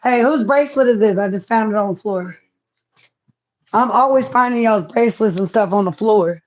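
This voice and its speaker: A woman's voice: medium pitch, normal speed, darkish tone, muffled recording. A woman chatting casually to viewers on a home livestream, reading comments aloud. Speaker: livestream host. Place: home, indoors.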